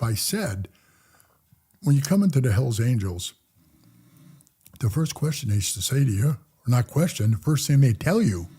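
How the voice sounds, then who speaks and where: A middle-aged man with a husky, gravel-edged voice swaps rough stories in a casual interview. His tone sits low and mellow, and he is blunt, streetwise and full of profanity. He often sinks into quiet mutters when he replays old conversations. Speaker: podcast guest.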